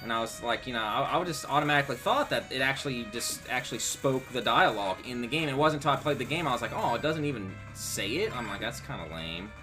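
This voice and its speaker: Rapid-fire and with few pauses, a man with a mid-range voice chats casually as he streams games. The game streamer rambles and swears in a laid-back way over background game music.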